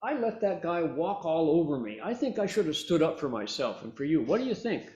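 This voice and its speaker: A man's voice: a little high, sing-song, fairly quick, darkish tone, echoey room, lo-fi sound. Man doing a nervous, stammering reporter. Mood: earnest. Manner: earnest, hesitant, stammering. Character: anxious hot-tempered male newspaper reporter.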